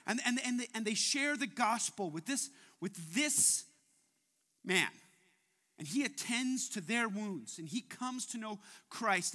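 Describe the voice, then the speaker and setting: Bright, high-voiced young father preaching. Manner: animated, repeats words often. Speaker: pastor. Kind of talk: sermon.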